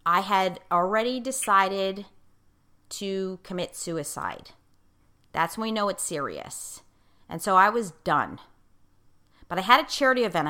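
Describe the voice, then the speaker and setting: A woman's voice: medium pitch, pushed and bright. A woman life coach in casual conversation, speaking emphatically and repeating key phrases for stress. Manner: self-described outspoken, in-your-face talker.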